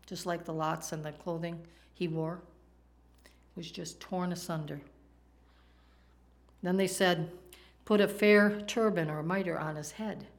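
A woman preaching a sermon in a conversational way, often asking her listeners questions. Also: on the low side. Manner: conversational, asks the audience questions.

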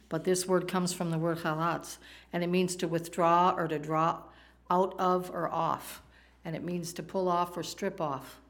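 A woman preaching a sermon in a conversational way, often asking her listeners questions. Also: lowish voice. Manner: conversational, asks the audience questions.

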